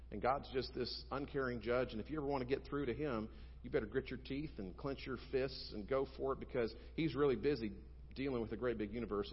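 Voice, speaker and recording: A male pastor preaching a sermon, telling stories emphatically and moving between loud and quiet. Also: mid-range voice, slightly rough. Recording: dull sound with long hall reverb.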